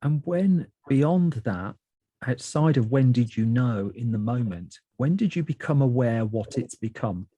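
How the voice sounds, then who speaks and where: Mellow-voiced host, jokey. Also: male voice, mid-range voice, animated, measured pace, husky, no echo. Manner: jokey, stumbling restarts. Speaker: podcast host. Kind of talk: conversational interview.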